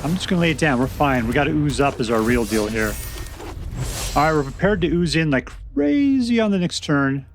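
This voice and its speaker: A man's voice: fairly high pitch, expressive, a little fast, slight background noise. A man giving casual, joking commentary to himself as he plays a card game. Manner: chatty, joking, talks to himself while playing. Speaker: gameplay commentator.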